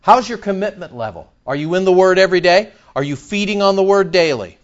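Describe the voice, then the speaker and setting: A male pastor preaching in a church. He is animated, with sudden loud outbursts and mock back-and-forth dialogue. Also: sits high, a little fast, muffled recording. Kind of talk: sermon.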